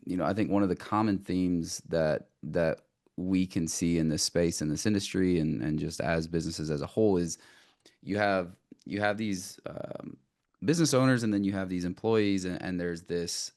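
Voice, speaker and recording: A man's voice: deep voice, moderate pace, a little mellow. A man hosting a podcast, asking a long question and searching for words as he goes. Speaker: podcast host. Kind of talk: interview question.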